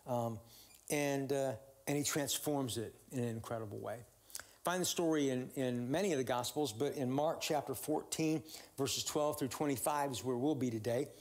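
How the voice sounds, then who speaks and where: A man's voice: mid-range voice, normal speed. Male pastor, conversational sermon delivery, informal with fillers. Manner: conversational, warm storytelling with many fillers and restarts.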